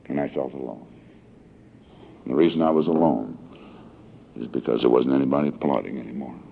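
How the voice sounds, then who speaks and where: In a meeting hall, a man in his sixties tells a meeting his personal recovery story in a folksy, emotional way. His very deep, creaky voice moves fairly quickly, caught on an old, tinny tape with a little hiss or hum.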